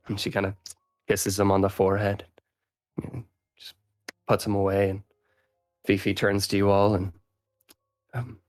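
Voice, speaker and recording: A man narrating a tabletop game as game master, unhurried and laughing at his own character voices. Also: lowish voice, level tone, faint music behind.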